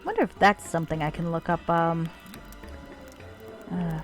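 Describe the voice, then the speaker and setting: A woman's voice: fairly low pitch, lively intonation, normal speed. A woman streamer casually chatting while playing, sweary and self-mocking, with faint game music behind her. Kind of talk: casual gameplay commentary.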